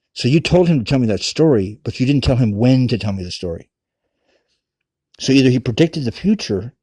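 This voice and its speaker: A man's voice: medium pitch, mellow, no echo. A man telling a rambling personal story in a casual, profane, emphatic way.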